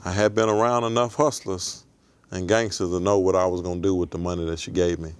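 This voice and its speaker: A man in his forties, a guest in an interview, telling his life story in a measured, reflective way. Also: sits low, steady tone, smooth, no echo.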